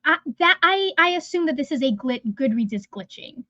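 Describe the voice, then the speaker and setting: A woman's voice: sits high, animated, normal speed, bright, forceful tone, dry recording, muffled recording. A woman hosting a livestream, talking in a rambling, chatty way that often trails off mid-sentence. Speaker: livestream host. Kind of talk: casual livestream chat. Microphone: phone.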